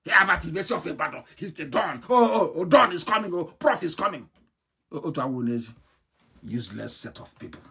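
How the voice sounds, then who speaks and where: A man delivers a live broadcast speech in a husky, breathy voice. He rants with open scorn, firing off rhetorical questions and sometimes erupting into shouts. His pitch leaps and plunges as he drives each point home. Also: very animated, fast. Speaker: political activist broadcaster.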